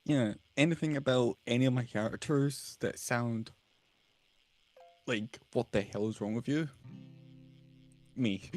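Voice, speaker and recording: A man's voice: mid-range voice, measured pace, pauses often, darkish tone, soft background music. A British man chatting casually on a stream, rambling and laughing at himself as he explains a fan series he voices. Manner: rambling, self-mocking, laughs often. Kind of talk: casual chat while streaming.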